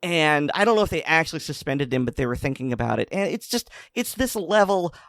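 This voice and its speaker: A man's voice: on the high side, big pitch swings, a little fast, fairly bright tone, dry recording. A man co-hosting a podcast, retelling a news story in a casual, sardonic way. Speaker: podcast co-host. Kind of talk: casual chat.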